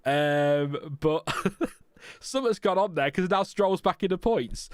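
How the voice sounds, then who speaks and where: Chatty man, smooth dry voice. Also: sits high, animated, slow pace, no echo. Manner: chatty, frank, rambling with fillers. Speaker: livestream host. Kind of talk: casual live race watchalong chat.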